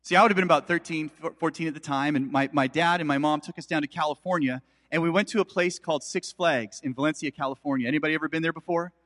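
A man's voice: a little high, fairly even intonation, fast talker, hardly any pauses, a bit bright, long reverb tail. A man preaching a sermon as pastor, telling a story in a chatty way with asides to the congregation.

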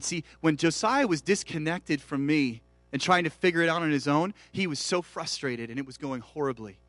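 A man's voice: mid-range voice, a little fast, fairly bright tone, no room sound, soft background music. A man in his forties preaching a sermon, telling a family story and acting out the dialogue with big swings in volume. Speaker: pastor.

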